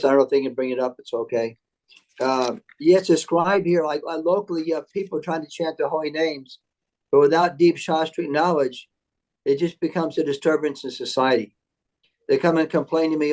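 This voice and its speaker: A man giving a religious class, reading scripture aloud and commenting in a halting way with fillers. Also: on the high side, darkish tone, poor audio. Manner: halting, with many fillers and restarts between readings. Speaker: guest speaker.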